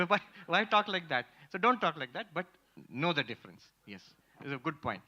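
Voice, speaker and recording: Male monk lecturer, lively and emphatic, muffled lo-fi recording. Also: on the high side. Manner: animated, emphatic, pauses to repeat key phrases. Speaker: monk teaching Vedanta. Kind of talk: spiritual lecture with audience Q&A. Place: lecture hall with audience.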